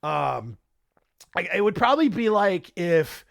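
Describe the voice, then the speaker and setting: A man's voice: high-pitched, very animated, unhurried, creaky. A man hosting a casual history podcast, jokey and rambling, with many filler words. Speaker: podcast host.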